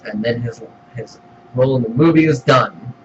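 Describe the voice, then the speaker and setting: A man in a middle pitch rants through a profane film review, exasperated and quick to mock. The recording is dull and lo-fi with a faint hum behind him. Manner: exasperated, swears often, mock quotes. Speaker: movie reviewer.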